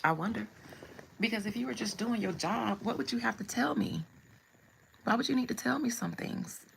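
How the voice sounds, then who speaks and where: A woman's voice: on the high side, moderate pace, vocal fry, fairly bright tone, slight background noise, rough recording. A woman hosting a live stream, telling a personal story in a blunt, humorous way. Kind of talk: casual storytelling.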